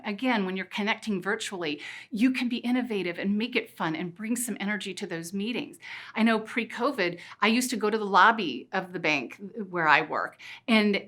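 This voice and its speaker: A middle-aged woman giving an energetic motivational talk, playful and full of rhetorical questions. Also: mid-range voice. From Missouri. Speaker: keynote speaker. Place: conference stage.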